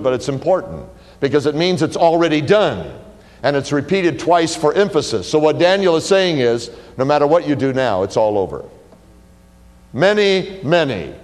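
A male pastor delivers a sermon in a church sanctuary, his pitch leaping and falling with lively emphasis. He swings between loud declarations and hushed low lines. A long reverb tail follows every phrase.

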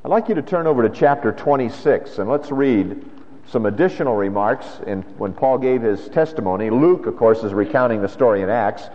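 A man's voice: mid-range voice, lively intonation, a little fast, warm tone. A man preaching a sermon as pastor, in a conversational style with rhetorical questions. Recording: dull lo-fi sound with long hall reverb.

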